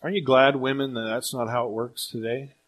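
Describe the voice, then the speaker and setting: A man preaching a sermon, retelling a scripture story in an animated way and often changing his pace. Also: mid-range voice. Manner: animated storytelling, speeds up and slows down. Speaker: pastor.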